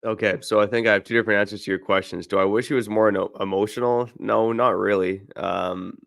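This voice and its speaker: A man hosting a sports podcast in a relaxed, chatty way. His voice sits low with a gravelly edge. The sound is dry and close to the mic. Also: fast talker, no echo. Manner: easygoing, reads ad copy, filler-heavy. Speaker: podcast host. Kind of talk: casual sports podcast chat.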